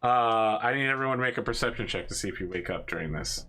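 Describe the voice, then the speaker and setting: A man's voice: medium pitch, expressive, fast, pushed and bright. A man narrating a tabletop game as its game master, casual and amused, breaking into laughs as he describes the scene. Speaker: dungeon master.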